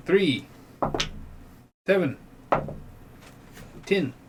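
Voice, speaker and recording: A man's voice: high-pitched, expressive, extremely slow, background noise. Man running a tabletop game as game master. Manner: rolls dice aloud, counts damage with flair. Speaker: dungeon master.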